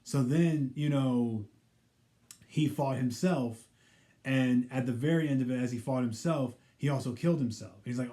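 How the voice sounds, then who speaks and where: A pop culture vlogger with a mellow, medium-pitched voice at normal speed gives a casual, rambling TV episode recap packed with "you know" fillers. He acts out the characters' quoted lines in passing.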